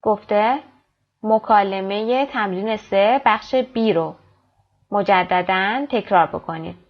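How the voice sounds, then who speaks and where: Teacher: woman, reads example lines slowly then explains fast, muffled lo-fi sound. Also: medium pitch. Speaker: English teacher. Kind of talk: textbook lesson explained in Persian. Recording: dull lo-fi recording.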